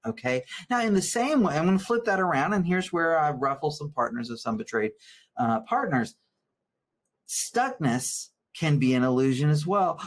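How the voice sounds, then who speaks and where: A man who is a therapist, teaching a live webinar in an earnest, animated way, sometimes getting worked up and repeating words. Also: a little high, moderate pace. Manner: reads viewer comments aloud.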